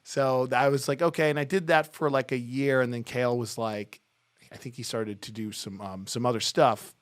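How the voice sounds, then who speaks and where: A middle-aged man talks as a podcast guest, his pitch sitting right in the middle. He tells long, loose anecdotes, often restarting his sentences and breaking into laughs as he goes. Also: steady tone, moderate pace. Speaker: podcast guest, music talent buyer. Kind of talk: casual interview storytelling.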